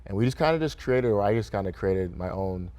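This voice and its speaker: A man's voice: fairly low pitch, lively intonation, a little fast, a little mellow. A young man from Michigan being interviewed in a studio, speaking in an easygoing way, often laughing and tagging his sentences with "right?". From Grand Rapids, Michigan, USA. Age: young adult. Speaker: guest, restaurant owner. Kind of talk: relaxed interview conversation. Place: radio studio.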